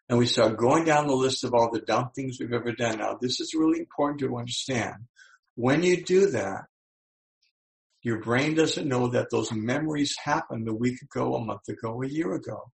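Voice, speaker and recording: A man giving a motivational talk to an audience, animated and acting out the voices he quotes. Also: mid-range voice, moderate pace, vocal fry, poor audio. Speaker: motivational speaker.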